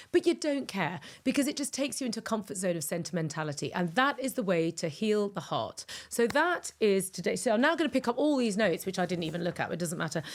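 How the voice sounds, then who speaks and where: Chatty, effusive woman podcaster. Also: medium pitch. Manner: chatty and effusive, rambling asides. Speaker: podcast host. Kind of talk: casual podcast monologue.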